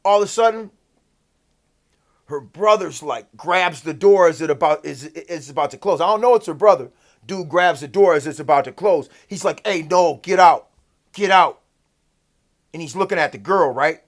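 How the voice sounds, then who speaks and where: Rambling and loose, a man with a voice on the high side tells a personal story at a moderate pace. This storyteller vlogger swears casually, leans on "like," and keeps checking in with "right?".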